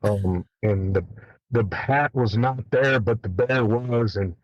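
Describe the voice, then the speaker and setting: A man telling a hunting story in a casual, animated way, swearing freely. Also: fairly low pitch, slow pace, no echo, highs cut off. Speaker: guest elk hunter.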